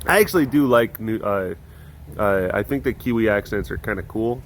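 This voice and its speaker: A man talking casually on his video channel, pausing often with fillers. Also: on the low side, a little hiss or hum. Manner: hesitant, full of pauses and fillers. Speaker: vlogger. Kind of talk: casual chat.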